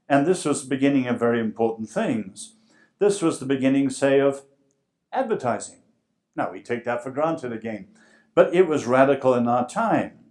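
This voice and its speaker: A man with an English accent giving a public lecture, emphatic and full of dramatic pauses. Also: medium pitch, expressive, a little mellow.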